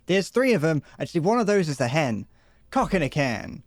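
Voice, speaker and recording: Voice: mid-range voice, big pitch swings, moderate pace, no echo. A livestreamer improvising a silly mock advert while gaming, giggling and stumbling over words.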